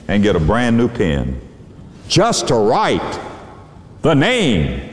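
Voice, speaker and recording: A man preaching a sermon, drawing out words for dramatic emphasis. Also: wildly swooping pitch. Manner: dramatic, drawn-out emphasis with sweeping pitch. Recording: echoey hall with long reverb.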